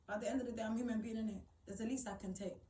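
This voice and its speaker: A woman's voice: a little high, fairly even intonation, very fast, warm tone, reverberant, far from the mic, rough recording. A young woman telling a personal story to camera, blunt and swearing, rising to indignant outbursts. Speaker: vlogger.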